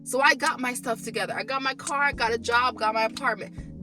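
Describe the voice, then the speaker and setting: A woman's voice: a little high, steady tone, brisk, few pauses. A young woman venting to camera in a candid monologue, emphatic and often exasperated. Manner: emphatic, rising to exasperated outbursts. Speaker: vlogger. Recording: faint background music.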